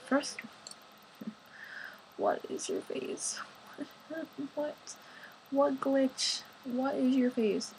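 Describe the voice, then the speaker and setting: A young woman talks through her game at a leisurely pace, playful and chatty. Her voice sits a bit high. A faint noise floor hums under the recording. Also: rough recording. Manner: chatty, playful, sighing over game moments. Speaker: gaming channel host. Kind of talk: casual gameplay commentary.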